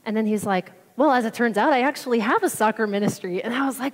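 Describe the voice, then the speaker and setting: A woman's voice: on the high side, fast, few pauses. Woman giving testimony in a reverberant hall. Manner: animated, acts out her own reactions. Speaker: church member giving a mission trip report. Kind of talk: personal testimony storytelling.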